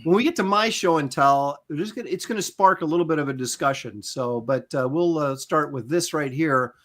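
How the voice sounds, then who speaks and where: A man's voice: a little high, brisk, fairly bright tone. A man hosting a casual art podcast, teasing his co-hosts and reading chat comments aloud. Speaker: host.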